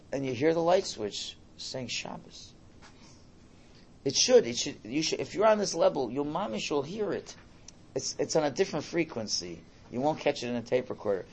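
A man with a somewhat raised pitch teaches a religious class. His delivery is animated and swings from loud exclamations to quiet, low asides. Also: vocal fry. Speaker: Torah teacher.

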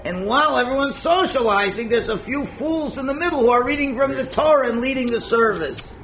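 A man teaching a religious class in a lively, conversational way, acting out little scenes and chuckling at his own points. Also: very high voice, a little fast, slight background noise. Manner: animated, acts out quotes, chuckles at own points. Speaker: Torah teacher.

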